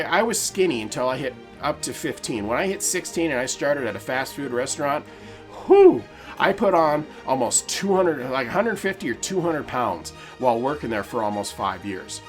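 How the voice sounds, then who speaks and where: A man in his forties hosting a podcast, talking earnestly and emphatically in a personal monologue, with frequent restarts. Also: a little high. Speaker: podcast host.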